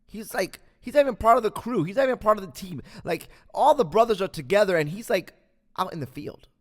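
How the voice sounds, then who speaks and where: A man hosting a podcast, telling a Bible story as a motivational talk, with lots of fillers and animated asides. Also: high voice, a little fast. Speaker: podcast host. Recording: long echoing reverb.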